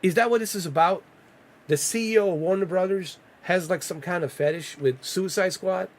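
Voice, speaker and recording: A man's voice: high voice, normal speed. A man casually commenting on a game during a livestream, loose and joking as he banters with his chat. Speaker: gaming livestreamer.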